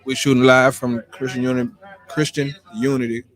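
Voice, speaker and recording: A man's voice: medium pitch, level tone, normal speed. A man hosting a casual live podcast interview at a church health fair, greeting his guest with upbeat, hype-man energy. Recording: music playing in the background.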